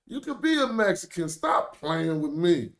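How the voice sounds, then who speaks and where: A man's voice: a little high, big pitch swings, normal speed, creaky, a bit bright. A young American man with an African American accent, streaming casual, joking commentary in loose slang. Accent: African American English. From United States. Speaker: streamer host.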